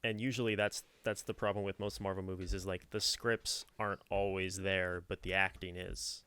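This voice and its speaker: A man's voice: low-pitched, flat delivery, normal speed, bright, forceful tone, smooth. A young man co-hosting a podcast, talking through his opinions at length in a casual chat. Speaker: podcast co-host.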